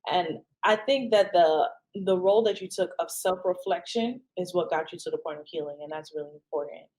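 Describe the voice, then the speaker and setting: A woman hosting a podcast in casual chat, an animated storyteller who keeps asking "right?" and jumps high in pitch when quoting people. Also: fairly quick, poor audio. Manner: frequent "um" and "right?". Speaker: podcast host.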